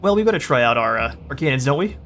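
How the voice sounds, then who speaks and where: Easygoing male gaming host, mid-pitched, thinks aloud, faint music behind. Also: very fast. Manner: relaxed, thinking aloud with frequent fillers. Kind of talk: casual strategy game commentary.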